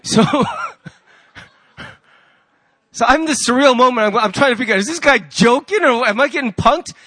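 A male pastor preaching a sermon, telling a story with lively acted-out voices. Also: high voice. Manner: animated storyteller, acts out the people in his anecdotes.

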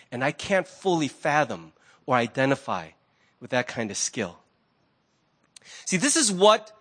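A man, a pastor, preaching a sermon in a conversational, animated way. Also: on the high side.

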